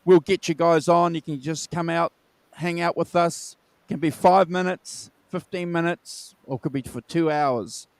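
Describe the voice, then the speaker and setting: A man's voice: on the high side, steady tone, moderate pace, no room sound. A man with an Australian accent hosting a casual live stream over a video call, upbeat and plugging upcoming shows. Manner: upbeat, wraps up with plugs. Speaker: host. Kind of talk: casual chat.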